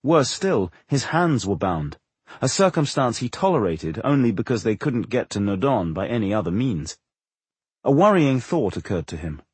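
A man reading a fantasy audiobook in expressive, measured storytelling on a close studio mic. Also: mid-range voice, slightly rough, no echo. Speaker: audiobook narrator. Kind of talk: scripted fantasy narration.

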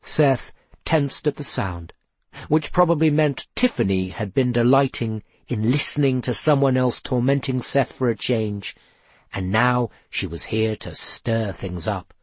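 Husky man reading a storybook. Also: medium pitch, a little slow, no room sound. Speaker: narrator. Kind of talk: storybook narration.

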